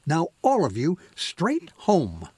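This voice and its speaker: A man's voice: on the high side, wildly swooping pitch, slow pace, dark tone, breathy edge, no echo, heavily acted. A man voicing a petite, stern mother with a drill-sergeant tone in a read-aloud story.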